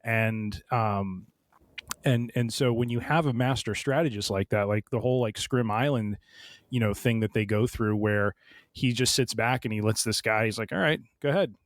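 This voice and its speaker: A man's voice: lowish voice, steady tone, normal speed, dry recording. A man hosting a podcast, chatting casually about books in a rambling way, full of restarts and fillers. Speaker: podcast host. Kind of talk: casual book discussion.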